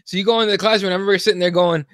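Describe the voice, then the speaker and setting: A man co-hosting a casual comedy podcast, telling stories with plenty of swearing and lively energy. His voice sits somewhat high for a man. The recording is dry and close, with no room sound. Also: racing, dry recording. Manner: profane, animated storyteller. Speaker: co-host.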